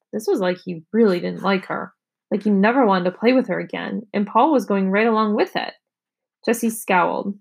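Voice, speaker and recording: A woman reading a children's chapter book aloud to students, narrating and lifting her voice for the kids' dialogue. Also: vocal fry. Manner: expressive, raises pitch for children's dialogue. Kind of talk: storybook read-aloud.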